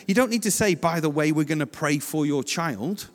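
A man from England giving a chatty, story-driven church talk, acting out the voices in his anecdotes and adding lively asides. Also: on the high side, normal speed, long reverb tail.

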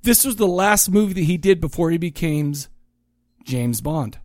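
A man with a high, lively voice that swings up and down as he jokes and rambles through casual podcast chat. He is recorded dry and close on the mic. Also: normal speed, dry recording. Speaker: podcast co-host. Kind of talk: casual movie and music chat.

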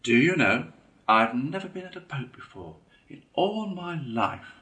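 A man's voice: a little high, sing-song, measured pace, sharp tone, distant mic, voice pushed up, heavily acted. A man doing a shy young mole. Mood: eager. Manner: shy, eager.

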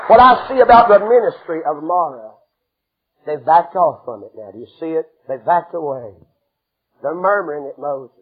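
Fervent husky-voiced man preaching. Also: on the high side, expressive, moderate pace, narrow, tinny audio. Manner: fervent storytelling, acts out scenes, bursts into shouts. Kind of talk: sermon.

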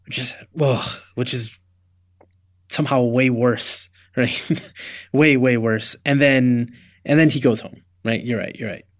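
A man's voice: mid-range voice, steady tone, unhurried. Emphatic man chatting on a podcast. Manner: emphatic, full of restarts. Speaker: podcast co-host. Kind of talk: casual chat recapping a TV episode.

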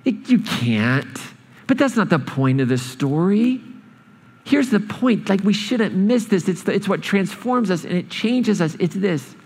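A man preaching a sermon, storytelling with lively changes of speed and emphasis in a church hall. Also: high voice, slightly rough. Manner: animated storytelling, speeding up and slowing down. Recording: long hall reverb.

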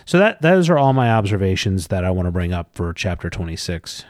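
A man's voice: low-pitched, very animated, a little fast, a little mellow, no echo, clean studio sound. A man co-hosting a podcast, chatting about a book in an easygoing, agreeable way. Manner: easygoing, agreeable, frequent "yeah". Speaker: podcast co-host. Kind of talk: casual book discussion.

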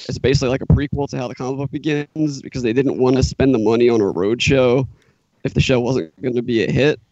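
A man's voice: medium pitch, fairly even intonation, quick pace, darkish tone, no room sound, highs cut off. A man co-hosting a casual movie podcast, chatty and trailing off with fillers. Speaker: podcast co-host.

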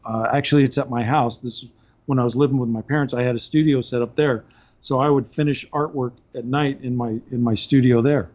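A man telling a story on a podcast in a casual, animated way, laughing between points, heard on slightly dull audio. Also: mid-range voice, a little fast. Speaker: podcast guest.

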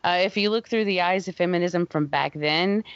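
A woman's voice: fairly low pitch, moderate pace, no echo, dull audio. A woman co-hosting a casual movie review chat, emphatic and laughing often. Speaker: podcast co-host.

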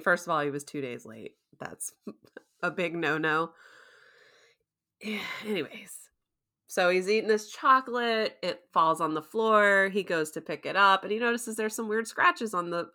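A woman co-hosting a casual podcast, chatty and quick to laugh as she recaps a story. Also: lowish voice, lively intonation, sharp tone. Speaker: podcast co-host recapping a TV episode. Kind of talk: casual chat.

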